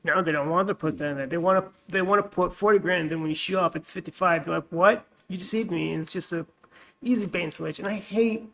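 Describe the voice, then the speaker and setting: This is a man with a high voice and a gravelly, creaky edge, co-hosting a casual podcast. He murmurs agreement a lot and vents his frustrations freely. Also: fast talker, fairly bright tone. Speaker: podcast co-host. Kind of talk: casual chat.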